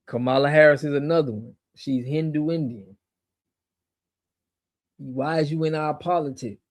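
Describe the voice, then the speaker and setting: A man's voice: on the high side, fairly even intonation, moderate pace. An American man hosting a casual livestream, answering chat in an emphatic, slangy way and repeating himself when he gets fired up. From United States. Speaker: show host.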